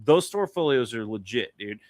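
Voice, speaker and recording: A podcast co-host on a casual talk show, this man tells a long, rambling story packed with swearing, delivered in an animated way. His voice is medium-pitched at a normal speed. There's no echo.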